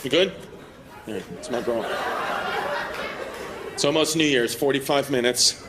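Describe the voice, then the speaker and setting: A man's voice: mid-range voice, unhurried. A man doing brash, teasing crowd work as a stand-up comedian in front of a live audience. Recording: live room with crowd laughter and noise.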